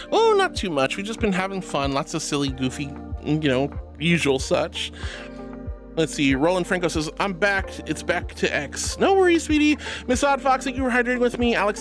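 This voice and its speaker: With music in the background, a young woman streams as a VTuber, her fairly low voice expressive and fairly quick. She reads chat messages casually and thanks viewers with affectionate pet names, "sweetie" among them, in a bubbly manner.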